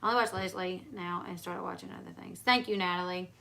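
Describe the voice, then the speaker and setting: A woman's voice: on the low side, fairly even intonation, fast, gravelly, sharp tone. A woman hosting a casual livestream chat, telling rambling stories with many fillers and restarts. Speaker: livestream host.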